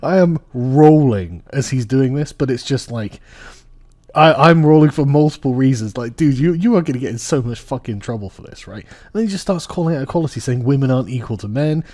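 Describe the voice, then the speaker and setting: Male vlogger, medium pitch, crude, mocking, chuckling commentary delivery. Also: lively intonation, a little fast, a little mellow. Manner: profane, sarcastic, laughs often. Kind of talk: casual political commentary reacting to clips and articles.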